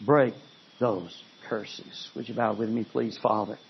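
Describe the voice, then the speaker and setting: A man preaching a sermon, telling a story dramatically and swinging between loud intensity and hushed pleading. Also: lowish voice, steady tone, a little slow, creaky, highs cut off, slight background noise.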